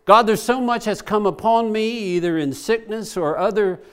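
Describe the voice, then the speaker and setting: A man's voice: high voice, moderate pace, clear, resonant tone. A male preacher giving a sermon, praying aloud with passion as he paraphrases scripture.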